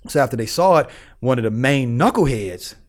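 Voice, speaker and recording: A man's voice: mid-range voice, fairly quick. A man telling a story as a podcast guest, in streetwise slang, acting out the people he quotes. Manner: animated, acts out the people he quotes.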